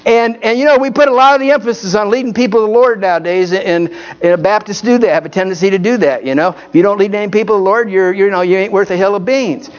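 A man's voice: sits high, quick pace, muffled recording. A man preaching a folksy Baptist sermon, telling stories and repeatedly asking his congregation for an amen.

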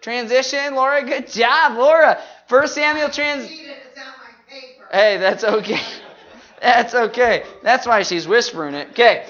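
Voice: medium pitch, animated, measured pace, a bit bright, lo-fi sound. A Bible class leader running a group memory drill, talking energetically and often saying "man".

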